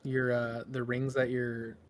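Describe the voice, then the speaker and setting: A man narrating a tabletop game as game master, halting with lots of ums and restarts. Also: mid-range voice, completely flat delivery, slight background noise. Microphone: podcast microphone.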